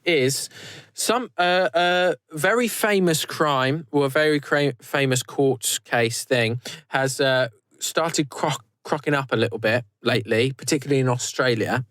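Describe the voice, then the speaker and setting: A man's voice: mid-range voice, a little slow, fairly bright tone, dry recording, studio quality. A man hosting a podcast in casual chat, rambling loosely with many restarts. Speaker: podcast host.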